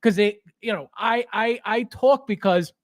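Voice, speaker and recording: A man hosting a casual livestream, reading viewer comments and talking in an animated way, with many repeated words and restarts. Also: high-pitched, measured pace, dry recording. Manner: animated, repetitive, stammering restarts, laughs often. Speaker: livestream host.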